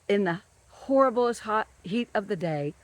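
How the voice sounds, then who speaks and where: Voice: mid-range voice, expressive, normal speed, dry recording. Emphatic person ranting about a scorching day. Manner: emphatic and repetitive, stressing words over and over. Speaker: government field worker. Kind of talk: upset ranting monologue.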